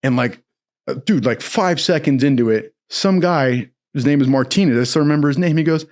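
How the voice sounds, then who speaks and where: A man telling a comic story in a casual, profane, animated way. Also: mid-range voice, brisk.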